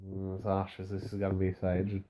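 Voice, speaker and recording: A man's voice: low voice, completely flat delivery, brisk, over music. A man co-hosting a casual wrestling recap, laid-back and dry, rambling through the show's events. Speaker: podcast co-host.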